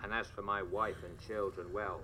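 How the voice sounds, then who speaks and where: An actor with a Norfolk accent playing a worried medieval farmer archer in an audio guide, speaking plainly and homely. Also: male voice, lowish voice, level tone, moderate pace, a crowd in the background, lightly acted. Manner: homely, plain-spoken storytelling. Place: played outdoors from a battlefield audio post.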